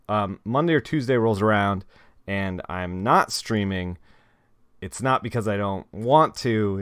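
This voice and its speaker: This is a young man hosting a live stream and chatting casually with his viewers. His voice is a touch low and clean, with a smooth, resonant tone. He rambles from thought to thought in a dry, close sound and talks straight to the people watching. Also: no echo.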